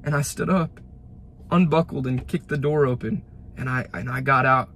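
Outdoors beside a roadside ditch, a young Christian man in his late teens gives an emotional testimony in a mid-range, fairly bright voice at a moderate pace. He retells events fervently, repeating phrases and restarting, with slight background noise.

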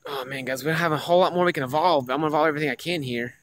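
Excitable young man streaming a mobile game. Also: a little high, rapid-fire, slight background noise. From Tennessee. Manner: excitable, repeats himself, addresses chat as guys. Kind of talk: casual live-stream gaming chat.

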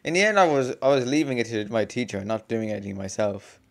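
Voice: medium pitch, lively intonation, quick pace, gravelly. A young adult gamer casually reading a visual novel aloud, chatting between lines, laughing often and swearing under their breath. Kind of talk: casual let's-play with read-aloud game text.

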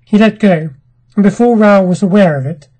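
A storyteller reads a classic short story with measured, dramatic pacing. The voice is husky and mid-pitched. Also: mellow, poor audio. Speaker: narrator of classic short stories. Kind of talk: scripted audiobook narration.

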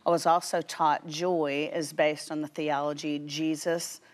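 A woman in her fifties with a Southern US accent, a guest author telling stories on a faith talk show in an animated way. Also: deep voice, unhurried. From Tennessee. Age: 50s. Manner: animated storyteller who quotes voices. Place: TV studio.

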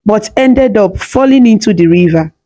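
A woman voicing a kind, loving old village grandmother who talks warmly and slowly in a storybook tale. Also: mid-range voice, animated, close to an everyday voice. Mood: warm teasing. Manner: warm, teasing, slow.

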